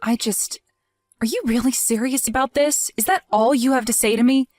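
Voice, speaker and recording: A woman's voice: on the high side, fairly even intonation, normal speed, darkish tone, dry recording, soft background music, close to an everyday voice. A woman playing a grieving, indignant young wife in a voiced text-message drama, emotional and accusing.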